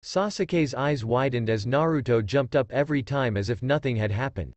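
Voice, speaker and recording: A man narrating a fan fiction story in a steady storytelling read. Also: mid-range voice, moderate pace, no room sound. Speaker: story reader.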